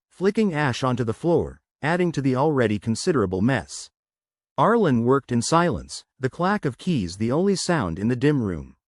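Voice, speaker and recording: A man narrates a science fiction tale in a scripted reading. His pitch rises and falls a lot as he tells it. The sound is dry and close, with no room around it. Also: dry recording. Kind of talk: scripted sci-fi story narration.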